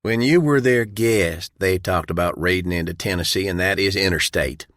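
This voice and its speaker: A man voicing a smooth, commanding male federal official who speaks in a cold, formal way. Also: deep voice, moderate pace, a bit bright, dry recording, studio quality.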